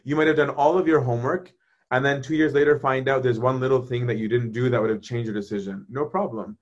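A man, a priest, talking casually about faith and answering viewers' questions in a conversational, animated way. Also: medium pitch, quick pace, highs cut off. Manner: conversational, animated, often asks "right?".

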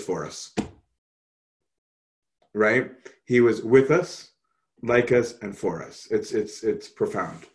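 A man answering questions on Christian theology in a relaxed, conversational way, often checking in with "right?". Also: medium pitch. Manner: animated, conversational, frequent "right?" tag questions. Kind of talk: casual theological discussion.

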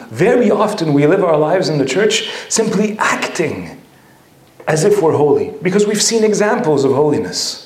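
A man's voice: a little high, very animated, normal speed, echoey room. A male priest telling a funny story to an audience, self-mocking and often laughing. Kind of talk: humorous storytelling talk to an audience.

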